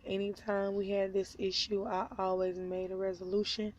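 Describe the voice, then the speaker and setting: A woman's voice: medium pitch, little pitch movement, moderate pace, a little mellow, dull audio. A woman, talking wearily about her troubles in a personal vlog, her throat a little sore. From born in North Carolina, raised in Oklahoma. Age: 20s. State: slightly sore throat, coughing. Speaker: vlogger.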